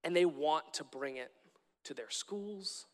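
Young male preacher, high-pitched, earnest and repetitive, large reverberant hall. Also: expressive, measured pace. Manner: earnest, repetitive, with frequent restarts. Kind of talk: sermon.

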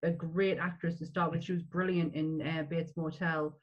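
A woman's voice: sits low, flat delivery, moderate pace. Brief: woman, podcast co-host, chatty, restarts a lot, dull lo-fi sound. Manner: chatty, many restarts and fillers. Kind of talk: casual film chat.

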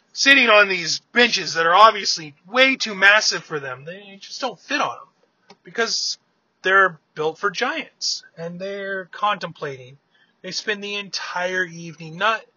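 A man's voice: high-pitched, pushed and bright, no room sound, lo-fi sound. A man casually retelling an old myth in a chatty way, often restarting words as he talks. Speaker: storyteller.

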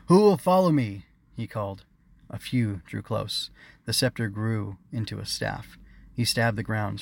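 A man, the author, narrating his own story in a steady, measured audiobook reading. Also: fairly low pitch, vocal fry.

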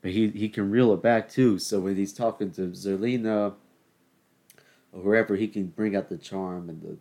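Deep-voiced guy ranting on his podcast, rambly, lots of ums and restarts. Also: steady tone, normal speed. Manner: rambling, opinionated, with many fillers and restarts; bursts into loud, high exasperation at a game on TV. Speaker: podcast host. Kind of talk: casual solo rant.

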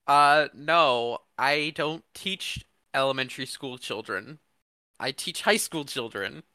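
A man's voice: medium pitch, takes it slowly, pushed and bright, smooth, no echo. A young man co-hosting a casual podcast, making dry, self-deprecating jokes. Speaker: podcast co-host.

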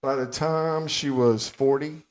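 A man's voice: mid-range voice, fairly even intonation, measured pace. An older man, co-hosting a casual podcast and ranting bluntly and sarcastically. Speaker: podcast co-host.

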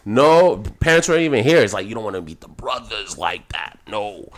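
A man spinning a story in relaxed conversation. He swears freely and keeps it lively, his voice leaping up on the big moments. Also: a little fast. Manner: animated, profane, jumps up in pitch for emphasis. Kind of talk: casual storytelling chat.

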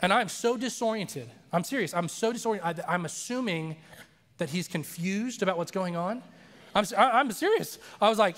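Guy preaching, telling a story, acts out voices, laughs a lot, slightly high voice, big echoey church. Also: normal speed. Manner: animated, acts out quoted voices, laughs often. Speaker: pastor. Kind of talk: storytelling sermon. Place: church sanctuary. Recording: long reverb of a large church hall.

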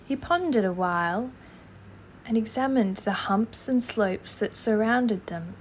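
A woman narrating a classic storybook in an expressive, measured reading voice. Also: on the high side, a little hiss or hum.

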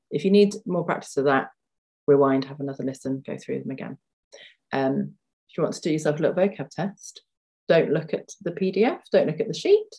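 A woman's voice: fairly low pitch, animated, a little mellow. Chatty woman teaching vocabulary. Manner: chatty, with many fillers, slow careful repetition of words. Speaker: French teacher. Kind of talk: podcast language lesson.

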